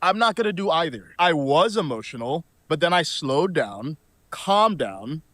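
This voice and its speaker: Male commentator, scripted; a touch high-pitched, dry room, measured and reasoned. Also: sing-song, a bit bright, no echo.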